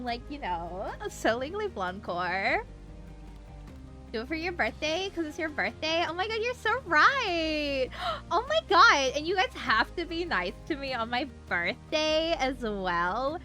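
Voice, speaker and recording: Brief: woman streamer, playful put-on Valley Girl drawl, sing-song swoops, high and sparkly. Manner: exaggerated Valley Girl voice, many "like"s; lively and playful, swears often. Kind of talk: casual livestream chat.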